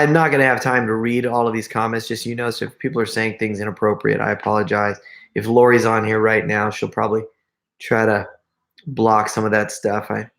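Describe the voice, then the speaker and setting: A man's voice: fairly low pitch, gravelly, a bit bright. Rambling man telling stories on a livestream. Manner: rambling, restarts often, laughs while telling stories. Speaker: host reading live chat comments. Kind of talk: casual live-stream storytelling.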